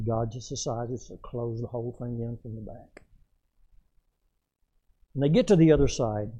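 Older husky-voiced man preaching a sermon. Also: medium pitch, dull audio. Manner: folksy storytelling preacher, swells loud then drops soft. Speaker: pastor.

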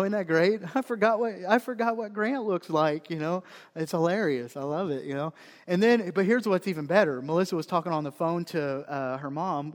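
A man with a high voice preaches a sermon, pressing hard on repeated points, then easing into soft, chatty asides. His words ring out with a long reverb, as if across a large church hall. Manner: emphatic preaching that drops into soft conversational asides; repeats key phrases for stress. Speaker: pastor.

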